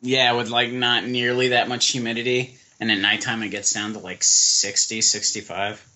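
A man's voice: mid-range voice, level tone, moderate pace, bright, forceful tone. A young American man co-hosting a casual podcast, chatting in a laid-back, rambling way with lots of fillers. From United States. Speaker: podcast co-host. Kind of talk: casual chat. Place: living in Germany.

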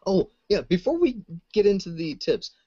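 A man's voice: sits high, sing-song, moderate pace, mellow, slightly rough, dry recording. A young man hosting a casual podcast, chatting in a friendly, upbeat way. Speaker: podcast host. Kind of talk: casual chat. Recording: dry, dull lo-fi sound.

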